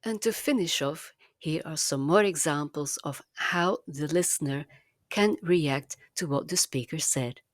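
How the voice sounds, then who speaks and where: A woman narrating a language lesson in a slow, careful, clearly enunciated teaching manner. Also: deep voice, dry recording, studio quality.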